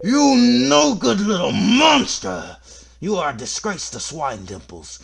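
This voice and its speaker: A man voicing a stern, furious ghost in a video game, scolding children in a slow, drawn-out way. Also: high-pitched, very animated, gravelly, a bit bright, slight background noise, pitched above the performer's own voice, full character voice.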